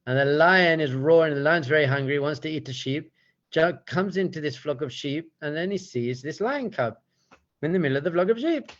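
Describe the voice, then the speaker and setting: A rabbi delivers an animated teaching talk and tells stories at a brisk clip. His voice sits somewhat high for a man, and the recording is dull and lo-fi. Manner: animated, rapid storyteller.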